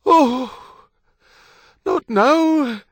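Guy putting on a scared woman giving birth, high and breathless, dry recording. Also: expressive, fairly quick, no room sound. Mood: panicked. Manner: wailing, gasping, breathless pleas. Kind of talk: audiobook character voice.

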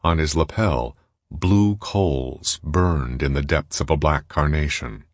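Audiobook narrator, man, very deep voice, dry close sound. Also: no echo. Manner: even, measured reading. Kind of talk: scripted narration.

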